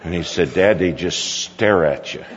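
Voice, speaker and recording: A man's voice: low voice, unhurried, a faint crowd. Folksy male preacher in a reverberant hall. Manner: folksy storyteller, quoting his son at length. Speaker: pastor. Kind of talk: storytelling sermon. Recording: dull recording with hall reverb.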